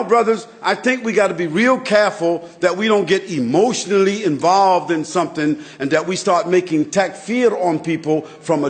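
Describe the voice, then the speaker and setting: A man with a high-pitched voice delivers a religious lecture. He speaks emphatically, like a preacher, and builds his points through repetition. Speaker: Islamic lecturer.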